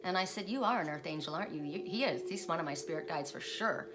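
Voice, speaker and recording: Rambling, low-voiced woman reading oracle cards. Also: expressive, quick pace. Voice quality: rambling, chatty, with frequent restarts. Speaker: oracle card reader. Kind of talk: casual spiritual card reading. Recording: noisy home recording.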